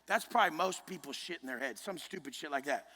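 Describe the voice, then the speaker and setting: Man, motivational speech, blunt and profane, forceful sharp voice, shouts at times, long hall reverb. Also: fairly high pitch, animated, fast talker. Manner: intense, blunt and heavily profane; forceful, often rising to a shout. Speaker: motivational speaker. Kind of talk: motivational speech to a live group. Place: large indoor event room.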